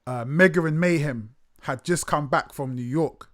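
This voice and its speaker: Animated man interviewer. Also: on the high side, normal speed. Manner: animated storyteller, acts out other voices, swears casually. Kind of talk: casual conversational interview.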